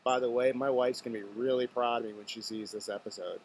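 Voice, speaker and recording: A man's voice: medium pitch, steady tone, fast talker, a little mellow, breathy edge. A man from Nova Scotia, hosting his vlog in a chatty, joking storytelling way. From Nova Scotia, Canada. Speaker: vlog host. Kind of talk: casual talk to camera.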